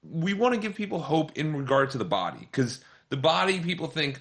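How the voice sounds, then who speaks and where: A man's voice: on the high side, very animated, brisk, hardly any pauses, fairly bright tone. A man hosting a podcast interview, chatting casually and affirming his guest with enthusiasm. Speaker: podcast host.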